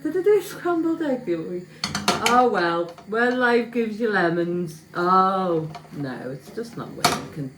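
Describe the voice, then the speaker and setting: A woman's voice: mid-range voice, slight background noise. Chatty woman cooking at home. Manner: chatty, self-mocking, talks to viewers while cooking. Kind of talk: casual cooking vlog. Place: home kitchen. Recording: echoey kitchen with clattering pans.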